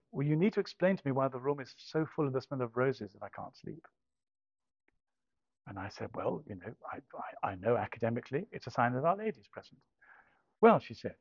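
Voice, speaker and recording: An older man, his voice on the high side, shares a personal testimony with hesitation, self-deprecation, repeated restarts, and dry humour. The recording sounds dull and dry, with no echo.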